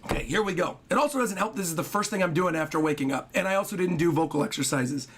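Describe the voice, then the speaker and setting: During a laid-back livestream, a man with a high, hoarse voice, worn from talking, rambles excitedly and quickly, reading out donations and pausing to talk to his dog. It feels like someone chatting at home.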